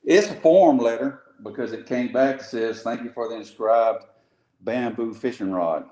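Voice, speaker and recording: A man's voice: medium pitch, normal speed, dark tone. A man, a guest who builds custom rods, talking in a laid-back, plain-spoken way. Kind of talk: casual interview chat. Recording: roomy echo.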